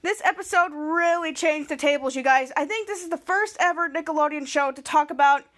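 A woman hosting a podcast, recapping a TV episode in a casual, excited way with many fillers and restarts. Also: high-pitched, fairly quick. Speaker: podcast host.

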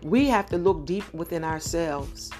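A woman's voice: on the low side, a little mellow, faint music behind. A woman preaching a sermon on a podcast, firing off rhetorical questions and building to emphatic, urgent peaks. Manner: exhorting with rapid rhetorical questions.

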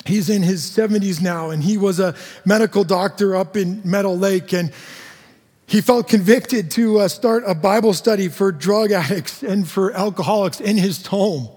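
A male pastor giving a sermon, earnest and sing-song, dropping to quiet emphasis. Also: high voice, normal speed. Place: church sanctuary. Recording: long hall reverb.

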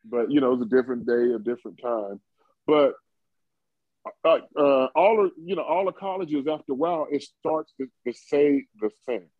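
A man's voice: medium pitch, moderate pace, no echo. A man in his fifties from Ohio, a former football player telling a story in an interview, rambling with many fillers and chuckling often. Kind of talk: conversational storytelling. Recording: dull lo-fi dry recording.

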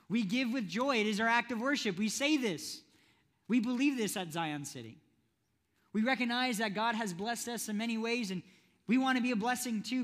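A man with a notably high voice delivers a youth sermon in a church hall. He keeps it playful, pulling the audience in with questions. A long reverb trails off every phrase. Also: a bit bright. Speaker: youth preacher.

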